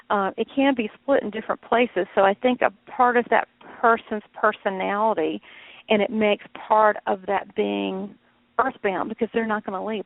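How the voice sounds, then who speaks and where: A woman's voice: mid-range voice, dry recording. A woman psychic medium giving a casual call-in reading, rambling and searching for words with many fillers and restarts. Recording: tinny phone line.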